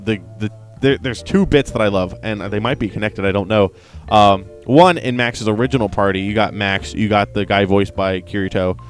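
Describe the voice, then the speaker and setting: A man with a lowish voice rambles through a casual anime review, full of fillers, restarts and tag questions. He laughs often and perks up when something amuses him. Soft plucked guitar music plays faintly underneath. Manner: rambling, many restarts and fillers, frequent "right?".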